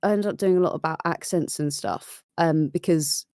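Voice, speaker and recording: A woman speaking in a modern, neutral RP accent with faint London touches. Her voice sits a little low, and she acts out the voices of people she quotes. The sound is close and dry, as if on a studio mic. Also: normal speed, dark tone, no room sound. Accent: modern RP with slight London sounds. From London, England. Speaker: audio drama maker on a livestream. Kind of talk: casual panel chat.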